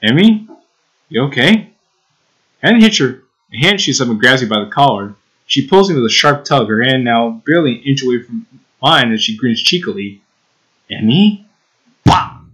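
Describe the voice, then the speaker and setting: A man's voice: medium pitch, lively intonation, a little fast, fairly bright tone, low-quality recording. A young man hosting a let's play, reading visual novel text aloud with casual, giggly asides.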